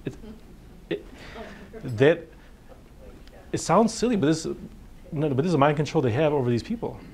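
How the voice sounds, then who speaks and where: This male physician has a higher, husky voice with a darkish tone and lively intonation, talking at a normal speed. He gives a casual workshop talk about addiction, full of fillers and chatty asides, sometimes voicing what his patients say.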